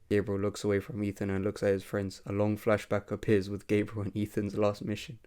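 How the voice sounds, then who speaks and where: Man reviewing a film, casual and sweary, slightly low voice. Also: monotone, brisk, hardly any pauses, a little mellow, smooth, no room sound, clean studio sound.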